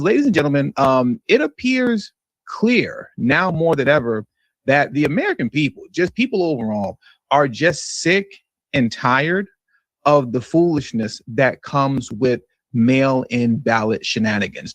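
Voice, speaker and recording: A man's voice: medium pitch, animated, measured pace, no echo. A man from California hosting a livestream, giving casual political commentary with sarcastic, mocking repetition. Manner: sarcastic and mocking, repeats phrases for effect, chuckles. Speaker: livestream news commentary host. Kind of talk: casual political commentary to a live stream audience.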